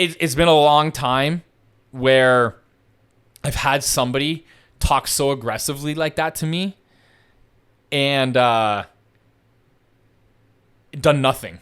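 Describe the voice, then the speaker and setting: A man's voice: medium pitch, slow, pauses often, clean tone. A young man telling a story in casual podcast chat, swearing a lot and acting out what other people said. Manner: profane, animated, acts out the other people's lines.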